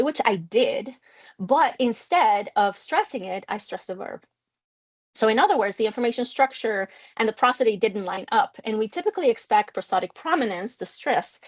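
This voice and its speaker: A middle-aged woman from Mexico who speaks English as her second language gives a seminar lecture. She explains clearly and engagingly, often drawing on personal stories. The talk comes through a video call. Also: medium pitch. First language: Spanish. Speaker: linguistics researcher giving a seminar talk. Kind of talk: academic lecture.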